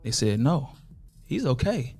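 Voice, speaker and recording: A podcast guest from Toledo, Ohio tells a story in casual, profane street slang, his medium-pitched voice a little slow, husky, and full of vocal fry. He's animated and acts out other people's lines in quotes.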